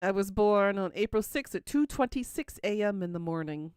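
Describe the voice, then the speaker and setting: A woman's voice: medium pitch, expressive, normal speed, darkish tone, clean tone, dry recording, studio quality. A woman in her thirties hosting a livestream, chatting casually and teasing her viewers as she answers them. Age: 30s. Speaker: livestream host. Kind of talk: casual chat with live viewers.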